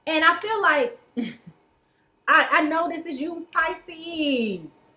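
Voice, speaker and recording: A woman's voice: extremely high pitch, slow, pauses often, sharp tone, slight background noise, poor audio. A woman giving a casual tarot reading, chatty and colloquial, who keeps checking in with "okay?". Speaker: tarot reader.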